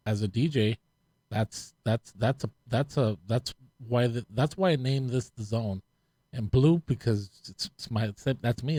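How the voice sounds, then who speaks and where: A man's voice: medium pitch, dark tone, no room sound. A man hosting his own talk stream, talking loosely and stopping to restart his sentences again and again. His voice sits in the middle range. The sound is dry and close to the mic. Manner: rambling, halting, with many restarts. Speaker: host and DJ. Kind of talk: casual chat.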